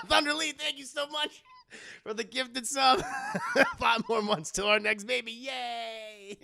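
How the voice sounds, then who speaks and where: A man's voice: very high voice, wildly swooping pitch, takes it slowly, gravelly, pushed and bright. Rambling, laughing male streamer. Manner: laughing, rambling, self-mocking. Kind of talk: casual live-stream movie recap.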